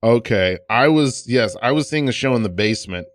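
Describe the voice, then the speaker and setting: A man's voice: mid-range voice, lively intonation, fairly quick, dry recording. A man hosting a podcast in a radio studio, chatting casually and joking on a studio mic. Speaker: podcast host. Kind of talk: casual chat.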